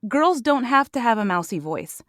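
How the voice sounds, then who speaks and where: A woman in her forties talks animatedly as a podcast guest, slipping into different vocal tones to make her points. Her voice sits a little high and sounds dry and close to the mic. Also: normal speed, dry recording. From Puerto Rican heritage. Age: 40s. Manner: animated, demonstrates vocal tones while explaining. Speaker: voice actor guest. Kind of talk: casual podcast chat.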